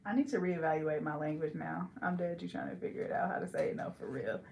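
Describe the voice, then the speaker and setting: A woman's voice: sits low, fairly even intonation, quick pace, creaky, darkish tone. Playful woman vlogger in an echoey room. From Bay Area, California. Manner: giggly, playful, second-guessing herself. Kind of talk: casual chat. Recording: echoey room, faint background hiss.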